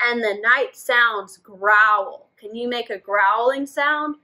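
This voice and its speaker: A woman reading a picture book to preschoolers, slow and gentle. She has a high, bright voice and an encouraging manner. She makes playful sound effects for the children to copy. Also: rough recording. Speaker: librarian leading preschool yoga and storytime. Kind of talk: children's storytime read-aloud.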